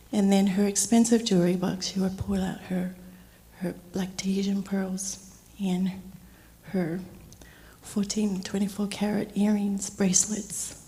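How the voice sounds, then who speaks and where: A middle-aged woman speaking gently and slowly as she shares a heartfelt memorial tribute for her uncle. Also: mid-range voice, little pitch movement. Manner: gentle, slow and heartfelt storytelling. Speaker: niece giving a eulogy. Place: memorial service hall. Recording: long hall reverb.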